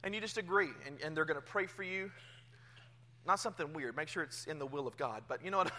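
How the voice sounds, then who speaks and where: A male pastor, around his thirties, preaching a sermon in church, telling a personal story with swings from hushed to loud. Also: high voice, brisk. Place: church sanctuary.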